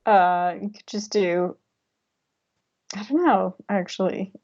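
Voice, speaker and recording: A woman comedian guest chats casually and teases the host with quick questions. Her voice comes over slightly dull, muffled remote audio, at a middle pitch. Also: darkish tone, no echo. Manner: teasing, chatty interjections. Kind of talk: casual chat.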